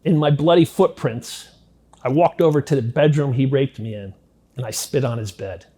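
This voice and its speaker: A middle-aged man sits for an interview and tells his story in his own words. He talks bluntly and swears freely, and his voice sits at an average pitch. He drops to a low hush at some moments and climbs to loud, intense bursts at others. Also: normal speed, breathy edge. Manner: blunt, profane, intense retelling that swings between hushed and loud. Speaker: interviewee recounting his past. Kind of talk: first-person storytelling in an interview.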